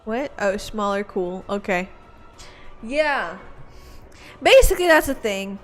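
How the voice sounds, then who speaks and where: A woman's voice: mid-range voice, sing-song, takes it slowly, soft background music. A woman streamer chatting casually with her viewers, giggling and rambling with lots of filler words. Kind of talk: casual livestream chat.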